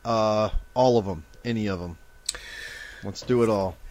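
A man's voice: fairly low pitch, measured pace, darkish tone, muffled recording. A man in his thirties from Nebraska, co-hosting a live sports card stream in a chatty, joking way. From Omaha, Nebraska. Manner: chatty, jokey, reads off giveaway lists. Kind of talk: casual live-stream chat.

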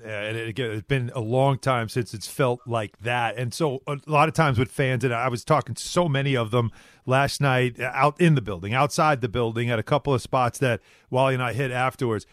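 A man's voice: medium pitch, fairly quick, a bit bright, no room sound, studio quality. A man hosting a sports radio show, talking casually and repeating himself as he builds his points. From New York.

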